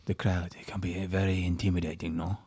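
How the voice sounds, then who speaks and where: A man imitating an older golf legend, a playful prankster, in a hushed, breathy, confiding while telling an anecdote. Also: low-pitched, little pitch movement, fairly quick. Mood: teasing. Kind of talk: anecdote impression.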